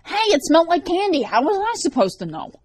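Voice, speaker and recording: A woman voicing a sneering, soul-eating young male demon with a dark, nasal voice in an audiobook. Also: very high voice, sing-song, fairly quick, no room sound, voice pushed up. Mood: snide.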